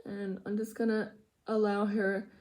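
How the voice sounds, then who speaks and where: At home in her room, a mother rambles chattily while applying makeup, poking fun at herself and sometimes dropping into mutters in this casual get-ready-with-me talk. Her mid-range voice is level, darkish, and unhurried.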